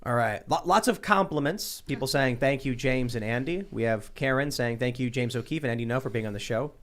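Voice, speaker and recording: A man's voice: medium pitch, brisk, a bit bright. A man hosting a casual talk show, reading viewer comments aloud with hesitant fillers. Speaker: show host.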